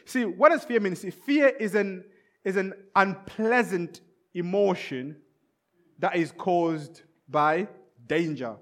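A preacher with a notably high-pitched voice delivers an emphatic sermon. He repeats his key points and often slips into acted-out scenes. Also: slow pace, fairly bright tone. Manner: repetitive, emphatic, acts out scenes.

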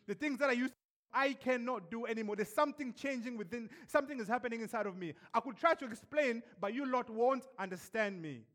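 A man's voice: very high voice, fast talker, fairly bright tone, voice pushed up. A man preaching acts out a biblical figure pleading with his friends that he has changed, in a raised, urgent voice.

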